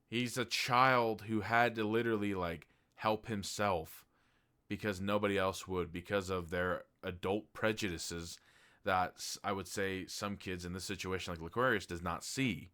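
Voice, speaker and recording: Blunt, swearing man with a lowish voice. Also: fairly even intonation, normal speed, pushed and bright. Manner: blunt and heated, swears freely. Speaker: TV show reviewer. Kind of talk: casual spoken review.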